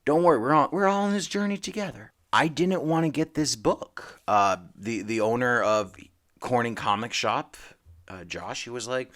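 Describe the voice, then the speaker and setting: A man's voice: mid-range voice, normal speed, fairly bright tone. A man hosting a casual comic book podcast, rambling and emphatic, with frequent restarts. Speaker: podcast host.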